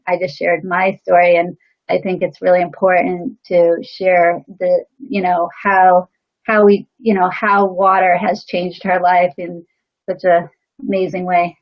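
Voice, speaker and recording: A woman host telling her own story in a casual, earnest way, with many fillers, before introducing a guest. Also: medium pitch. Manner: earnest, with frequent fillers and light laughs. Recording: dull lo-fi sound.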